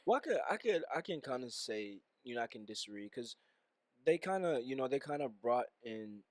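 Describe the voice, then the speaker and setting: A man co-hosting a podcast, chatting about a movie in a measured way with many "you know" fillers. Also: medium pitch, very animated, dry recording. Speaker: podcast co-host. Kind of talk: casual movie review chat.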